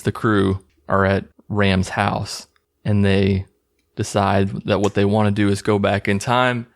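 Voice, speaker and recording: Recapping a movie on his own channel, a man with a low, gravelly voice takes a casual, rambling approach. He's profane and amused, laughing at the scenes as he goes.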